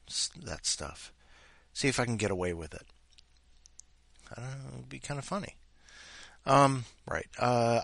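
A man's voice: mid-range voice, gravelly, a bit bright, dry recording. A man hosting a podcast, chatting casually with rambling asides and reading a listener's story cold. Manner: rambling, mumbly asides, talks to his dog. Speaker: podcast host.

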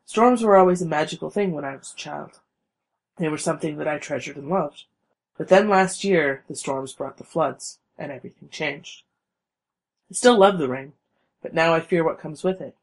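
A man reading his own short story aloud in a calm, reflective way. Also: fairly high pitch, normal speed, gravelly, poor audio.

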